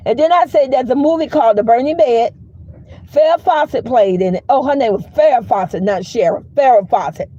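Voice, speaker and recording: A woman hosting a casual commentary chat, telling stories in a blunt, profane, animated way. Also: a little high, a little fast, highs cut off. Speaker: commentary livestream host.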